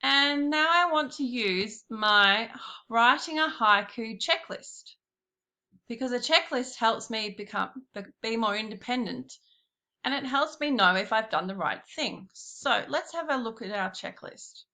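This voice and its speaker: A woman giving a slow, patient classroom lesson, talking straight to her pupils. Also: on the high side, lively intonation, sharp tone. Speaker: primary school teacher.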